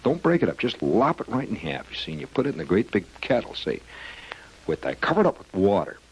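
A man talks alone in a radio studio, rambling whimsically from one silly tangent to the next. His voice sits very low but leaps around animatedly, full of "uh"s and sudden squeaky asides. A faint hiss lies under the recording. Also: wildly swooping pitch, fairly quick, low-quality recording. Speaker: radio host. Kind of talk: rambling comic radio monologue.

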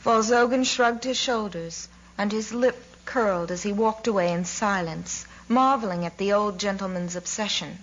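A woman narrates a classic novel in a measured, expressive way at a middle pitch. The recording is slightly dull and muffled. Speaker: audiobook narrator.

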